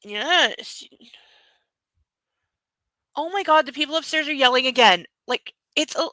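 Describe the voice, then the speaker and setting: A woman's voice: high-pitched, lively intonation, measured pace, pauses often, sharp tone, no echo, poor audio. A woman hosting a casual late-night livestream from home, cooing baby talk to her dog and swearing freely. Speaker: livestream host.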